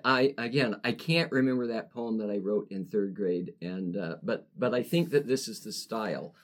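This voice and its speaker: A man co-hosting a podcast, chatting and reading his own rhyming poem, halting and repeating words as he talks. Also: on the low side. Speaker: podcast co-host. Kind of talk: casual chat and poetry reading.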